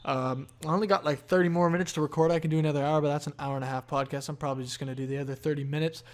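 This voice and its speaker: A man's voice: a little high, fairly even intonation, very fast. A tired, yawning man hosting a solo podcast, rambling in a laid-back, profane stream of consciousness. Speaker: podcast host.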